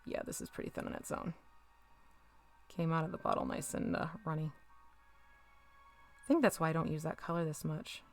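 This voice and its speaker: Woman, live-stream painter, casual chatter, lower voice, faint background music. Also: normal speed, long pauses. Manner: chatty, laughs often, talks to chat while working.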